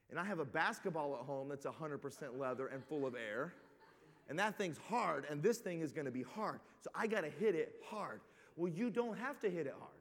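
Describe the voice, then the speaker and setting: A high-voiced man delivers a sermon as a comic story, animated and rambling, full of "like." His voice rings with the long reverb of a large hall. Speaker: preacher.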